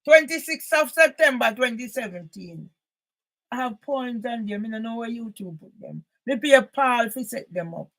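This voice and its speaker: Animated and moderately paced, a high-voiced woman confronts someone she's furious with in a ranting monologue. It's from an author and campaigner's video, and she keeps pressing her points with repeated loud, emphatic bursts.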